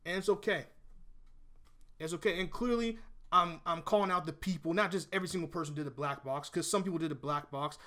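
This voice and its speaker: A man with a slightly high voice delivers a heated opinion rant straight to camera. He speaks bluntly, swears freely, and keeps restarting and repeating his phrases as he drives each point home. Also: a little fast, sharp tone. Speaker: vlogger.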